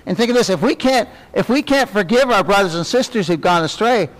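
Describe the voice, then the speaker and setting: A middle-aged man teaching a Sunday school class in a church classroom, animated, peppering the class with questions and sinking to a soft murmur on reverent words. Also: fairly quick. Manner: animated, asks the class many tag questions; drops to a soft, low murmur on reverent phrases. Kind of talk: conversational Bible teaching.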